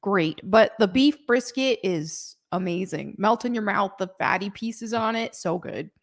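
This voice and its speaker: A woman guest on a podcast, talking in a relaxed, friendly, easygoing way. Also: medium pitch, unhurried. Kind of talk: casual chat.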